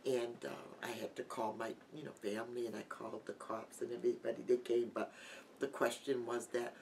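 A middle-aged woman giving a heartfelt personal testimony as an interview guest, halting and full of restarts. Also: rumbling low, little pitch movement, darkish tone. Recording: distant mic with light background noise.

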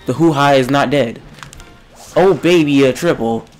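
A man's voice: medium pitch, brisk, soft background music. A young man giving jokey, exasperated let's play commentary, yelping and grunting as he plays, sounding a little sick. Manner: exasperated, excitable, jokey, frequent yelps and grunts. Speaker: gamer.

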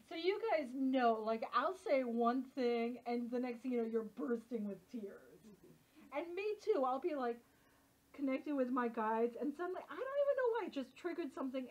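A woman leading a workshop, talking in a chatty, animated way full of casual fillers. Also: on the high side. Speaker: workshop leader. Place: workshop room. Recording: dull lo-fi recording.

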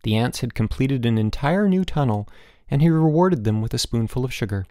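A man narrating a children's audiobook in an expressive storytelling manner. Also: medium pitch, a little fast, no echo, studio quality.

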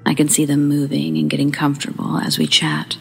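A woman narrating true scary stories as the show's host, dropping into a hushed whisper at tense moments. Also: sits low, completely flat delivery, brisk, gravelly, soft background music. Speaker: horror story narrator. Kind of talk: scripted narration.

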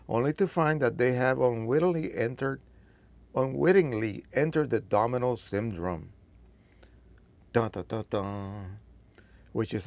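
A man's voice: mid-range voice, gravelly, no room sound. A man from Spain, hosting a photo printing video, reads an old post aloud and breaks in with chatty, emphatic asides.

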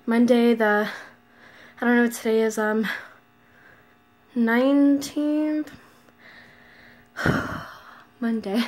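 A woman's voice: a little high, fairly even intonation, drawn-out words, pauses often, darkish tone. A young woman vlogging casually after a workout, out of breath and sighing between phrases. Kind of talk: casual vlog chat.

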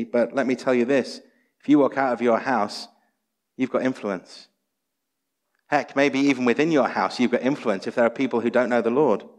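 A man's voice: medium pitch, steady tone, normal speed. A man preaching a sermon as pastor, earnest and exhorting, full of rhetorical questions. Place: church sanctuary. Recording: long church hall reverb.

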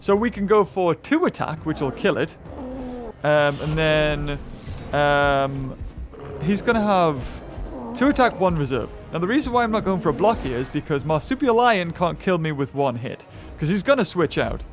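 Male gamer, high-pitched, excitable play-by-play, game music behind. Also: normal speed. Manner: excitable, thinking aloud, bursts of high-pitched shouts. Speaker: gaming YouTuber. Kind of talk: game commentary.

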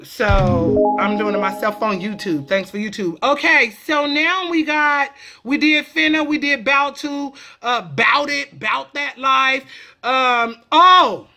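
A woman's voice: sits high, takes it slowly, soft background music. A woman from California talking in a playful, slangy way as a comedic vlogger teaching a lesson. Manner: playful, animated, slangy, jumps into character voices.

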